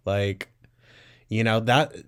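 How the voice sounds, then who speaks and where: A man's voice: fairly low pitch, slow, smooth. A man hosting a commentary podcast, reacting to a clip with blunt, sarcastic remarks, frequent swearing and laughter.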